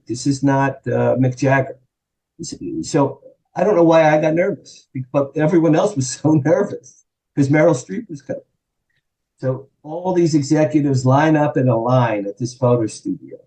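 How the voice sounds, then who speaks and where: A man from New Jersey in his sixties, telling an animated anecdote as a guest on an interview show and acting out the quotes. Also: medium pitch, low-quality recording. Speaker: guest, publicist and author. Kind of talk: storytelling in an interview.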